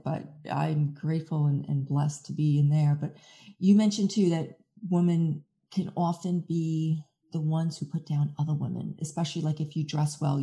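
A woman's voice: low-pitched, vocal fry, warm tone. A woman hosting an interview, chatting casually with frequent fillers. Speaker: podcast host.

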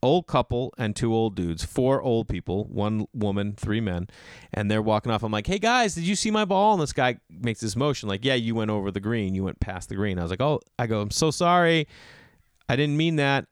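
A man's voice: fairly low pitch, moderate pace, clean tone, no room sound, studio quality. A male comedian telling casual stories, acting out the people in them with raised, exasperated voices. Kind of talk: casual storytelling.

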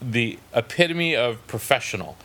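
A man's voice: mid-range voice, normal speed. Middle-aged man telling anecdotes on a call. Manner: self-deprecating, animated anecdote-telling with laughs. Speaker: novelist and podcast host. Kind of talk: casual storytelling chat. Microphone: video call.

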